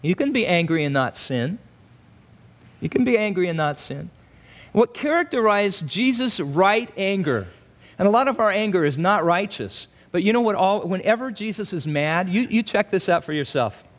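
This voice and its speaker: A male pastor preaching an expository sermon in an animated way, acting out quoted asides in voices. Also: high-pitched, normal speed.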